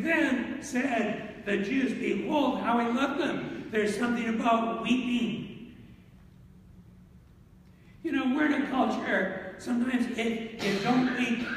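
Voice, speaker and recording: A male pastor preaching an animated sermon, reading scripture slowly and solemnly in old-fashioned wording. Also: extremely high pitch. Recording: echoey hall from far off, faint noise.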